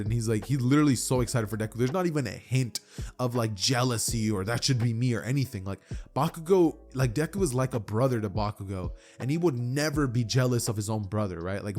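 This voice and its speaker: A man's voice: mid-range voice, fairly quick, a little mellow, faint music behind. A man casually retelling a fan story as a YouTube narrator, chatty and full of "you know" and "like".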